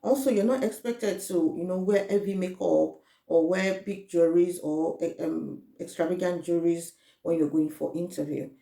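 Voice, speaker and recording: A woman, her voice mellow and a little low for a woman, talks earnestly through interview tips in a casual vlog. She often repeats words and restarts her phrases. The sound has a noticeable room echo. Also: steady tone, normal speed, gravelly. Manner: earnest, repetitive, with frequent restarts and fillers. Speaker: relocation coach.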